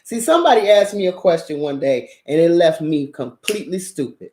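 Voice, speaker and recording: A woman's voice: sits low, brisk. Woman host ranting casual, cusses a lot, laughs all the time, kinda echoey room. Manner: profane, animated storytelling with frequent laughter. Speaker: channel host. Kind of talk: casual monologue.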